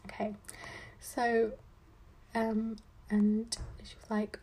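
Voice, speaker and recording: Her voice is fairly high but monotone, slow and often paused, dark-toned with some breathiness. This twenty-something podcast host and law student chats loosely, full of "like" and "um," delivering dry, playful sarcasm.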